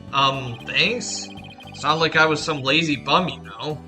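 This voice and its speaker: A woman voicing a laid-back middle-aged male lawyer who runs the agency, in a lowered voice. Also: slow, pushed and bright, faint music behind, exaggerated voice. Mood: low-key.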